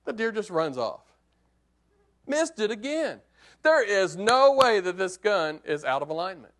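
A man preaching, telling a hunting story as a sermon illustration in an animated, conversational way that swings from hushed to excited. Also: high voice, normal speed.

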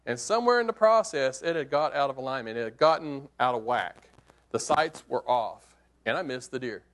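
A man preaching, telling a hunting story as a sermon illustration in an animated, conversational way that swings from hushed to excited. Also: medium pitch, normal speed.

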